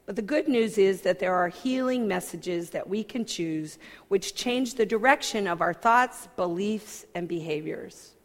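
A woman church minister giving a personal sermon talk, expressive and self-mocking, swinging from soft asides to loud outbursts. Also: medium pitch. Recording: long hall reverb.

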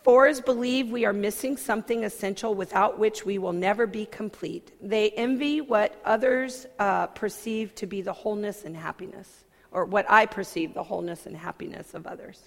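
A woman church minister giving a personal sermon talk, expressive and self-mocking, swinging from soft asides to loud outbursts. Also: mid-range voice, moderate pace. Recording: long hall reverb.

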